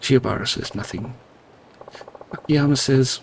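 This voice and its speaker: A man's voice: mid-range voice, a little slow, a little hiss or hum, rough recording. A man reading game dialogue aloud with wry, rambling asides. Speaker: let's play narrator.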